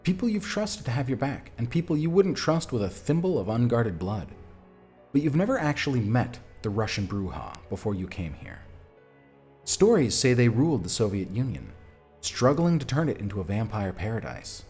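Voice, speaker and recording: A man streaming a text adventure game, reading the story aloud and chatting casually about his choices in a lively, self-mocking way. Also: medium pitch, normal speed, faint music behind.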